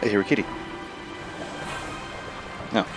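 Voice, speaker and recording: A man's voice: a little slow, over music. Rambling man streaming a game. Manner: rambling, swears casually. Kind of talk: casual gameplay chat.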